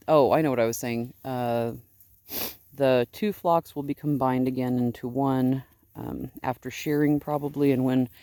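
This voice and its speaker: A woman's voice: a bass voice, mellow, no room sound. A woman sheep farmer rambling casually on an outdoor farm vlog, chatty and fond. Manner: rambling, chatty, baby-talks to her sheep. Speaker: sheep farmer and video host.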